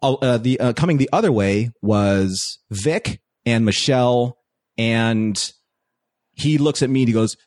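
A man telling a story as a podcast guest in casual chat, animated, acting out quoted lines. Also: mid-range voice, a little slow, no echo, studio quality. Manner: animated, excitable anecdote-telling with acted-out quotes.

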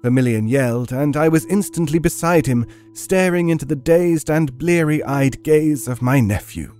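A man's voice: fairly high pitch, moderate pace, a little mellow, faint music behind. Theatrical male horror narrator. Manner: vivid, theatrical storytelling with heated outbursts. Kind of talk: dramatic first-person horror narration.

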